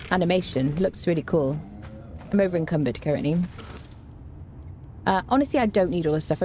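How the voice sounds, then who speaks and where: A woman's voice: low voice, dark tone, slight background noise. A woman giving casual, wry commentary while playing a game and chatting to her cat. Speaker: gaming streamer.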